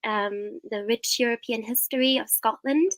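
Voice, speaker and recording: A woman's voice: a little high, moderate pace, no echo. A woman hosting a live online event and interviewing a guest over a video call, friendly and chatty, with many fillers. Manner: friendly, with fillers and little laughs. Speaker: interviewer and host.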